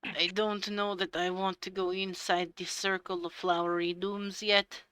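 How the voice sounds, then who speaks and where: A woman playing a tabletop game, speaking in a measured, slightly formal way. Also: fairly low pitch, little pitch movement, a bit bright, clean tone, no echo.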